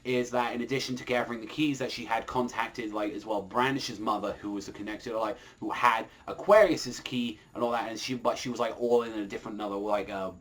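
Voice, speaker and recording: A man's voice: lowish voice, steady tone, brisk, few pauses, fairly bright tone. A man reviewing a manga chapter in a casual, rambling way, full of fillers and swearing.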